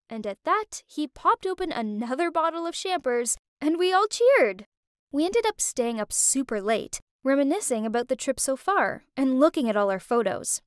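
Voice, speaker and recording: A young woman narrating a dramatic first-person story in a lively, emotive way. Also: sits high, dry recording, clean studio sound.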